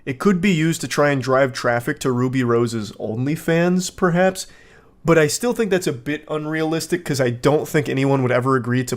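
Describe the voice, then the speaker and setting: A man giving casual video commentary in a dry, sarcastic manner. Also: fairly high pitch.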